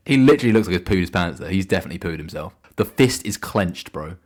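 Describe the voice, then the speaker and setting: A man's voice: deep voice, fast, few pauses. A young man streaming a game, rambling and joking crudely in casual banter. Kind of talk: casual gaming stream commentary.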